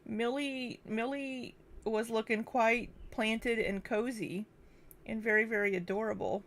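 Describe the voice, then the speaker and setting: Chatting from her home kitchen, a young livestream host reads super chats and calls out viewer names, sounding chatty and distracted. Her fairly high, fairly bright voice moves a little slowly, with fairly even intonation.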